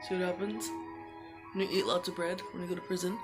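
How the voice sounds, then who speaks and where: A woman's voice: on the low side, little pitch movement, fast talker, over loud music. A middle-aged woman recording a personal video message to her absent son, talking in a rambling, heartfelt way with lots of fillers.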